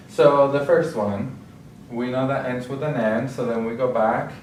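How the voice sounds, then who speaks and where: A male Spanish teacher giving a slow, explanatory lecture with frequent restarts. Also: medium pitch, a little mellow, slight background noise. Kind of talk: classroom-style lecture. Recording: roomy and distant with faint ambience.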